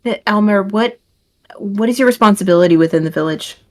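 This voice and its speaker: Woman player, earnest, trips over her words a bit, middle pitch. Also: a little fast. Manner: earnest, stammering restarts. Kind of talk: casual tabletop game chat.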